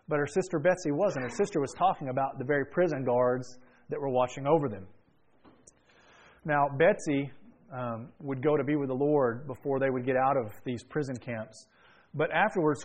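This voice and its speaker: Earnest male preacher, slightly high voice. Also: a little mellow. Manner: earnest storytelling, repeats lines for emphasis. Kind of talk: sermon.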